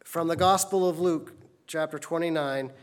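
Male preacher, fairly high voice, earnest storytelling sermon delivery. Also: normal speed. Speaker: pastor.

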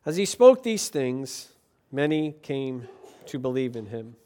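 A man preaching as a pastor, reading scripture and telling jokes in an animated, swinging delivery. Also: mid-range voice, unhurried. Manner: animated, jokey storytelling, swings from quiet to loud. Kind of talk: sermon with Bible reading and jokes.

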